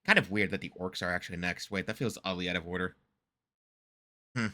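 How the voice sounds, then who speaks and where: A man's voice: low-pitched, a little fast, sharp tone. An American man giving casual, rambling reaction commentary, laughing often and poking fun at himself. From United States. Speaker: reaction streamer.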